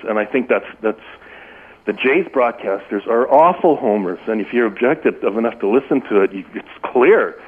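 A man in his fifties calling a sports radio show, telling a rambling, animated story. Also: medium pitch, slightly rough. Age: 50s. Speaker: caller. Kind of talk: phone-in storytelling. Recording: tinny phone line.

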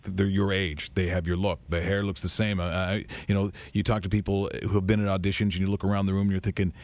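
A man's voice: low voice, flat delivery, quick pace, a little mellow, dry recording. Eager, rambling male radio host. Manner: enthusiastic, rambling, lots of restarts. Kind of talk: casual radio interview.

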